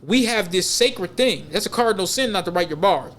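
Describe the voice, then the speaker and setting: A man's voice: high voice, animated, brisk, fairly bright tone. A man co-hosting a podcast, talking in a loose, rambling, emphatic way full of slang. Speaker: podcast co-host. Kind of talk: casual podcast chat.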